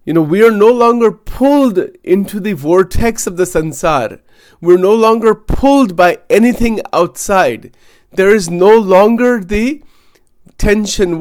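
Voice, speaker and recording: A man with a high voice gives a devotional spiritual talk. He goes slowly and carefully, repeating and reworking phrases as he explains. The sound is dry and close, with no room around it. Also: no room sound. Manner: slow, searching, repeats phrases and restarts while explaining. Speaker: spiritual teacher. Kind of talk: devotional discourse.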